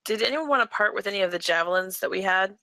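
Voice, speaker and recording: A woman's voice: mid-range voice, animated, quick pace, bright, forceful tone, no room sound. A woman playing in a tabletop role-playing game, talking hesitantly and trailing off. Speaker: player.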